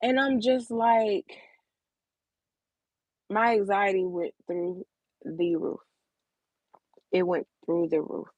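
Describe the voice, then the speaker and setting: A woman's voice: medium pitch, level tone, takes it slowly, long pauses, darkish tone, dry recording. A woman vlogger speaking openly and emotionally to her viewers, repeating words for emphasis. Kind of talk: candid personal talk to camera.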